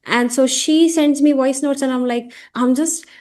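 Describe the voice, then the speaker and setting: A woman's voice: high voice, moderate pace. Curious young Indian woman host. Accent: Indian English. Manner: curious, animated. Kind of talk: English conversation practice.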